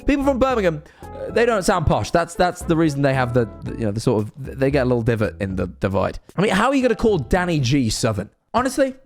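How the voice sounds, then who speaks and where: Lively young man. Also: a little high, fast talker, soft background music. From northern England. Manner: animated, cheeky, swears casually. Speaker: streamer and vlogger. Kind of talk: casual rambling monologue to camera.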